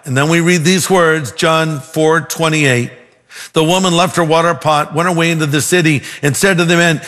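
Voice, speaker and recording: Male pastor, sermon, fairly high voice, earnest and emphatic, long reverb, faint music. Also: a bit bright. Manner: earnest, emphatic, slows down to stress points.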